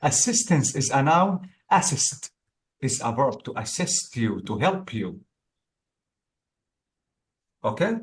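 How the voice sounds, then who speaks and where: A man's voice: mid-range voice, sing-song, slow, pauses often. A male English exam tutor teaching one-on-one, explaining step by step and often checking in with "okay?".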